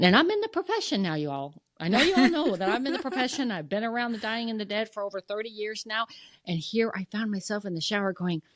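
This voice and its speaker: A woman's voice: medium pitch, fast talker, no room sound, studio quality. A middle-aged American woman, a podcast guest, telling a personal story candidly and acting out the dialogue with feeling. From United States. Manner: emotional, animated, acts out quoted dialogue. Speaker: podcast guest, funeral museum president.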